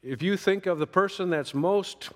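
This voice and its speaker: A man's voice: sits high, moderate pace, long reverb tail. A man preaching a sermon in a folksy way, reading scripture and acting out quoted voices. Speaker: pastor.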